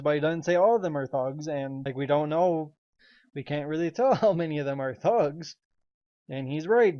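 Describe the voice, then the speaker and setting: A high-pitched man vents in a profane rant, swearing nonstop and breaking into short laughs between his points. The recording is dull and lo-fi. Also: a little mellow. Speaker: political commentary vlogger.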